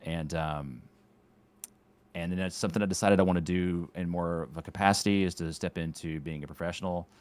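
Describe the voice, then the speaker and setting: A man in his late thirties, a podcast guest who coaches tennis and streams, talking in an unhurried way with dry, sarcastic wit. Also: deep voice, fairly even intonation, a little mellow, no echo. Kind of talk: casual interview chat.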